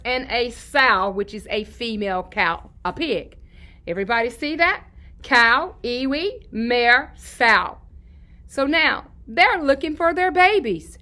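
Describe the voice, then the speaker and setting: Bright-voiced woman teaching young children. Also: a little high. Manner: sing-song, repeats key words slowly; asks questions and answers them herself. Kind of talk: children's lesson to camera.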